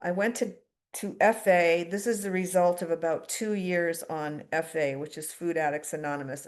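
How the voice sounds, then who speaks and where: Middle-aged woman at a 12-step meeting, frank funny personal share, lots of ums, lowish voice. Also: normal speed. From United States. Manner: candid, self-deprecating, with fillers and asides. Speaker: twelve-step speaker.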